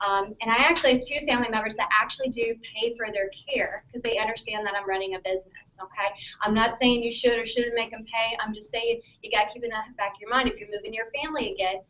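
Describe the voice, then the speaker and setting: A woman's voice: on the high side, a bit bright. A woman chiropractor giving a conversational seminar talk to students, often checking in with a questioning "okay?". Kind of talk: practice-building seminar talk. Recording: distant, muffled mic.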